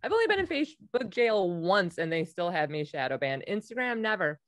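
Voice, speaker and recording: A woman hosting a casual podcast chat, talking bluntly with lots of swearing and loud laughter. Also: lowish voice, big pitch swings, a little fast, no room sound, clean studio sound. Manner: profane, blunt, laughs loudly. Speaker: podcast host; comedian.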